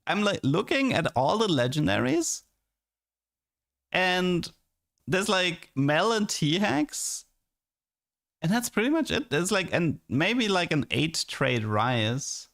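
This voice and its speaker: Young man, streamer, casual chat, slightly high voice, stammering, rambling. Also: very animated, slow, gravelly, a bit bright. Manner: rambling, stammering, repeats words, laughs often.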